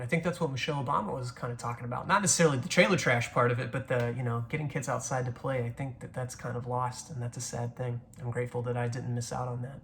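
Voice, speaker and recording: A man's voice: medium pitch, fairly bright tone, a little hiss or hum. A man in his twenties from the American South, rambling through casual stories with frequent swearing and restarts. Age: 20s. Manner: rambling, profane, restarts a lot. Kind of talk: casual storytelling monologue.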